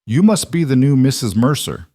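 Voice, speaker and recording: A man's voice: on the low side, animated, normal speed, a little mellow, no room sound, studio quality. A man doing a sneering rich bully, blunt. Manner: blunt, sneering, falsely sympathetic. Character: smug wealthy middle-aged man, sneering bully.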